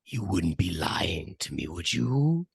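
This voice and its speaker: A man's voice: sits low, big pitch swings, takes it slowly, creaky, slightly rough, no echo, clean studio sound, pitched below the performer's own voice, full character voice. A man voicing a menacing monster lab assistant. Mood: suspicious. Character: snarling wolf-mermaid lab assistant, menacing.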